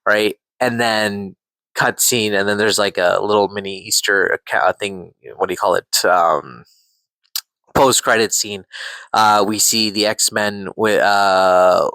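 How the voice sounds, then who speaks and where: A man reviewing a show in a casual, excitable way, swearing and saying "like" often. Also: on the low side, takes it slowly, dry recording, poor audio.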